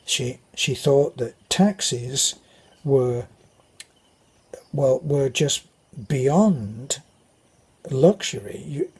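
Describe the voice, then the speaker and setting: Older british man, very husky breathy voice, rambling storytelling, middle pitch. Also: extremely slow, long pauses, darkish tone. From Britain. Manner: rambling, anecdotal, with restarts. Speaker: vlogger. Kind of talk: casual storytelling.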